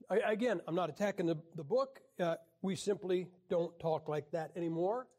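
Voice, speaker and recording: A man teaching a Bible class in a folksy, joking way, often clearing his throat and restarting his sentences. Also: high-pitched, normal speed, darkish tone. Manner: frequent throat clearing and restarts, jokey asides. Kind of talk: folksy teaching talk with jokes.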